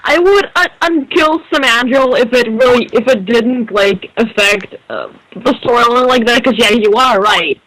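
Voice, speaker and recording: High-pitched girl cohost, gets excited, trips over her words a lot. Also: moderate pace, few pauses, low-quality recording. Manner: enthusiastic, stumbling restarts. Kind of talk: casual podcast chat.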